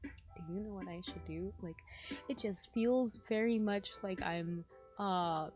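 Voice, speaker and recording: A woman's voice: medium pitch, a little slow, a little mellow, soft background music. A woman talking to her viewers in a rambling, confessional vlog about her feelings, often trailing off mid-sentence. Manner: emotional, self-searching, trails off mid-sentence. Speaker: spiritual vlogger.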